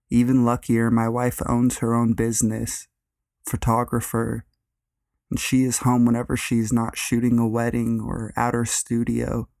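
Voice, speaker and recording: A young man reads a true scary story aloud as a narrator, in a deadpan, monotone way. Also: medium pitch, creaky, no echo, studio quality. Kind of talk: reading a horror story aloud.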